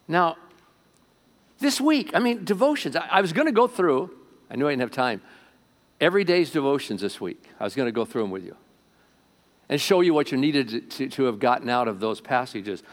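A male pastor delivers a sermon to his congregation in a church, his voice at an everyday middle pitch. He is animated, jumping from loud, emphatic lines to low, quiet asides. He keeps turning to the room with direct questions. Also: a little fast, pauses often. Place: church sanctuary before a congregation.

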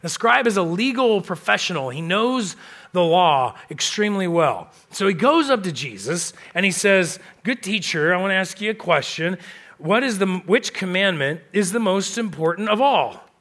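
Guy preaching at church, kinda high bright voice, chatty storytelling sermon. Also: lively intonation, moderate pace. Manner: storytelling, acts out quoted voices, conversational. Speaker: pastor.

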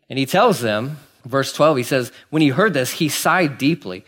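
A married man preaching a conversational sermon, swinging between hushed asides and emphatic, incredulous exclamations. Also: medium pitch, lively intonation, moderate pace, few pauses, husky. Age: adult, married. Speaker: pastor.

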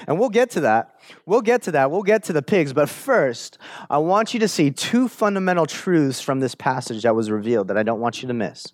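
A man preaching a sermon, conversational and animated, often asking "right?", swinging from emphatic bursts to hushed lines. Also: a little fast, no echo. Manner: animated, builds up to emphatic high-energy retelling, drops to hushed low lines. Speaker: pastor.

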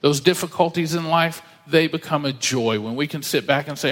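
A man's voice: medium pitch, moderate pace, few pauses, a bit bright, in a large hall. A married man with children preaching a sermon, reading scripture aloud and acting out the voices of the people he quotes. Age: adult, married with children. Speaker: pastor.

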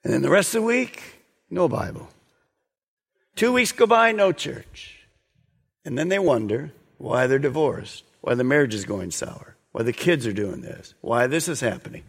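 Exhorting preacher in an echoing hall. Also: male voice, mid-range voice, very animated, normal speed, gravelly, slightly rough. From United States. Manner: earnest, exhorting, with sudden soft drops. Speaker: pastor. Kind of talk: sermon.

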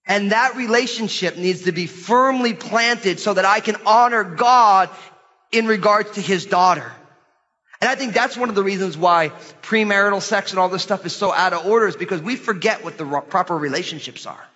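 A middle-aged man preaching a sermon in a church, lively and questioning his congregation. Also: high-pitched. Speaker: pastor. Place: church hall. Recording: dull sermon recording in a large hall.

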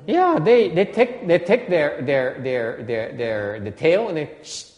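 Male Vietnamese monk teacher, native Vietnamese, lively stammering talk, dark tone, reverberant hall. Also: a little high, unhurried. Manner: animated, laughing, stammers and repeats words. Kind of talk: casual dharma talk.

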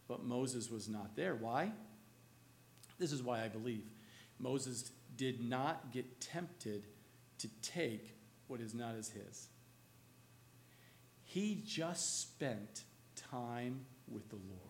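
A male pastor preaching a sermon, asking the congregation questions and swinging between loud, emphatic lines and hushed, slow ones. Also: mid-range voice, slight background noise.

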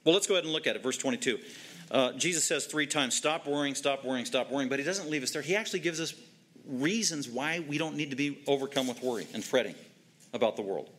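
A man's voice: mid-range voice, fast talker, fairly bright tone. A man preaching a sermon, emphatic and repetitive, driving home short commands. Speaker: pastor.

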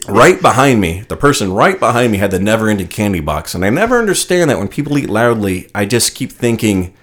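Man, low voice, podcast co-host, loose rambling storyteller who keeps restarting his sentences. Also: very animated, brisk, fairly bright tone. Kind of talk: casual chat. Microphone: studio microphone.

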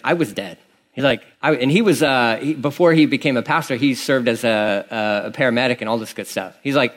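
A man, a pastor, preaching a conversational sermon in a casual, rambling storytelling manner with many fillers and restarts. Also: mid-range voice.

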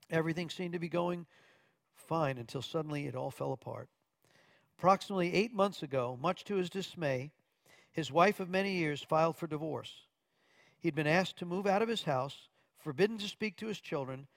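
Earnest gravelly preacher telling a testimony. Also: male voice, on the high side, dry recording. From Arkansas. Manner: earnest, tells the story with quoted speech and occasional stumbles. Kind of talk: testimony sermon storytelling.

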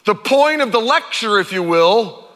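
A middle-aged man preaching a sermon as pastor, conversational and animated, acting out quotes. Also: sits high, measured pace. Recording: long hall reverb.

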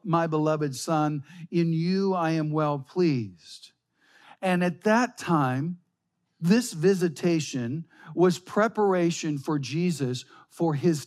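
A man preaching a sermon, slow and emphatic, reading scripture aloud. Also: on the high side, a little mellow. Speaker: pastor.

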